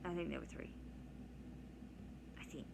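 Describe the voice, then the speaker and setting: A woman, talking casually in a rambling, digressive way full of ums and side stories for her vlog. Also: a little slow. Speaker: vlogger. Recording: noisy background hiss.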